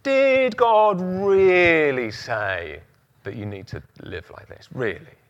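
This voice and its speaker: A man voicing a sly male devil who softly coaxes doubt with insinuating questions. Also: fairly high pitch, lively intonation, slow pace, highs cut off, slight background noise. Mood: sly, coaxing.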